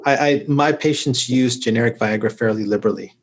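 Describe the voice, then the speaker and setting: A man's voice: medium pitch, a little fast. Man explaining with joking stories. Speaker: urologist guest. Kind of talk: podcast interview.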